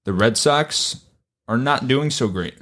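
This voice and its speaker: Guy hosting a sports podcast, middle pitch, animated, swears, does silly voices of people. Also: unhurried. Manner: animated, swearing, acts out others in exaggerated voices. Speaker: podcast host. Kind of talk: casual chat.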